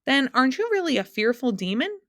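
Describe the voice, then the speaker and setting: A woman's voice: fairly low pitch, normal speed, fairly bright tone, no echo, clean studio sound. A woman reading aloud and voicing an earnest young boy, speaking up urgently and indignantly.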